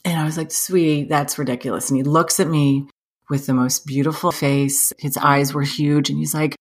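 A woman in her thirties telling a funny personal story in casual chat, animated and self-mocking, laughing often. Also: low-pitched, moderate pace.

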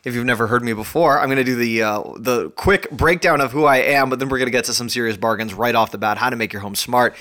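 A male podcast host talks from his home in a chatty, energetic way. He is a bit out of breath. His voice is a middle pitch for a man, and he pokes fun at himself as he goes. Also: fast talker, hardly any pauses. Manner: energetic, chatty, self-deprecating. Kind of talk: casual podcast monologue.

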